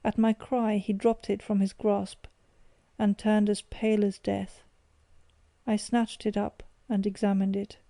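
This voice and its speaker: A woman narrates an audiobook with a measured, expressive reading. Her voice is medium-pitched, and the recording has no room sound.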